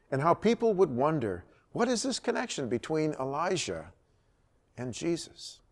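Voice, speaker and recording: A man leading a church Bible study, retelling a scripture story in a lively storytelling manner. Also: on the low side.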